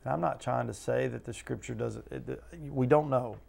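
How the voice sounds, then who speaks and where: Guy leading bible study, gravelly voice, earnest, keeps asking the class questions. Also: medium pitch, normal speed, darkish tone. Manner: earnest, talks to listeners with repeated questions, acts out quotes. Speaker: pastor teaching Bible study. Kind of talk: conversational Bible study teaching.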